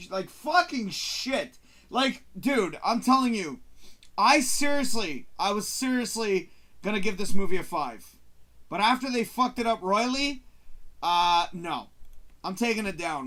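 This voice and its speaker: A man hosting a casual live-stream show, reviewing a movie in an excitable, profane way and acting out his own reactions. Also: sits high, slow pace. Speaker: host.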